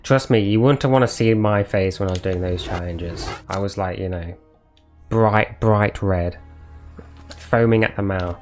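A man's voice: fairly low pitch, measured pace, a little mellow, soft background music. Man joking through a live game stream. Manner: joking, sarcastic banter with chat. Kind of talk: live gameplay commentary chatting with viewers.

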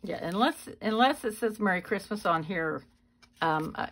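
A woman hosting a craft channel, giving a chatty, unhurried show-and-tell of her handmade cards. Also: fairly low pitch, expressive, gravelly, fairly bright tone, slight background noise. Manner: chatty, unhurried walk-through. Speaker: card-making channel host.

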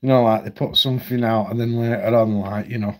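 A man's voice: on the low side, steady tone, fairly quick. A man ranting at home on his channel, blunt, heated and full of swearing. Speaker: vlogger. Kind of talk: ranting commentary.

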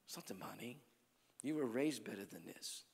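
A man preaching at a healing crusade, telling stories and swinging between loud calls to the crowd and hushed lines. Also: mid-range voice, expressive, normal speed, gravelly, husky. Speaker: evangelist preacher. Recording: long hall reverb.

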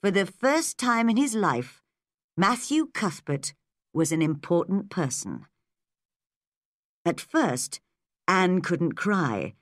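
A woman narrating a graded storybook for English learners in a slow, clear, measured way. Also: on the low side, big pitch swings, dry recording, clean studio sound.

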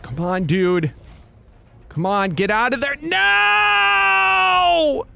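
A man's voice: high voice, expressive, measured pace, fairly bright tone. A man giving live gameplay commentary, swinging between frantic yelps and muttered groans. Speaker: gameplay streamer.

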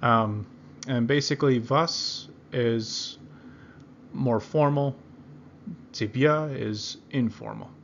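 A man teaching beginners in an unhurried, patient way, repeating each phrase several times so learners can follow. His voice sits in a middle register. The recording sounds a little dull and lo-fi. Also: mid-range voice, creaky, a bit bright, slight background noise. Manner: slow, repeats words carefully for learners. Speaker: language teacher. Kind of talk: beginner language lesson.

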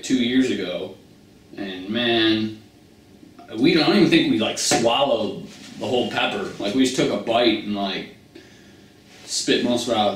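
A man doing a casual, crude food-challenge vlog, talking slowly and sometimes with food in his mouth. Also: medium pitch, slight background noise. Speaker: food review vlogger. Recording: roomy audio from far mic with guitar music.

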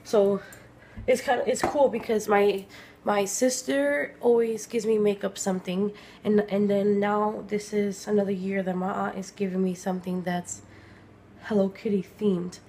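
A woman vlogging at home, chatting excitedly about her presents and sometimes dropping to a whisper. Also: medium pitch, normal speed, slight background noise. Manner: gushing, chatty, drops to soft whispers. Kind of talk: casual vlog chat. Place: home, indoors.

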